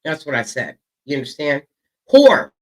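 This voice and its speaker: A man's voice: medium pitch, lively intonation, moderate pace, pushed and bright, poor audio. A man hosting an online drama show, taunting and insulting a rival with constant profanity. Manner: profane taunting, stretching words for emphasis. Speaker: show host. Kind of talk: heated drama commentary.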